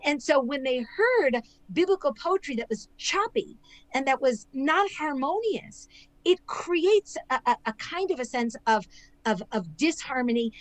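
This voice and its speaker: A woman's voice: sits high, animated, unhurried, dry recording, poor audio. A woman scholar and author, a guest on a podcast interview, explaining in a lecturing way and often checking in with "right?". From not Israel; immigrated there.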